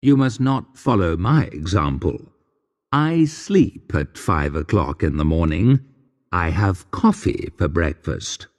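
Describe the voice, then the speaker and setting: A man reading a humorous graded-reader story aloud in a dry, wry, deadpan narration. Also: low voice, slow pace, long reverb tail. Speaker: audiobook narrator.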